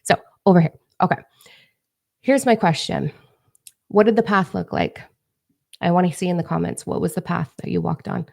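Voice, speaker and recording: A woman's voice: on the low side, normal speed, vocal fry, pauses often, a little mellow. A woman livestreaming from her phone as a spiritual coach, brash, profane and emphatic. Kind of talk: livestream talk to viewers.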